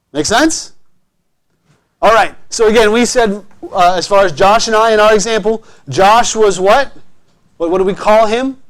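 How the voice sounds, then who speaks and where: A man teaching a chemistry lesson in a classroom, his voice sitting quite high. He keeps encouraging the students and checks often that they follow. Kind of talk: classroom lecture.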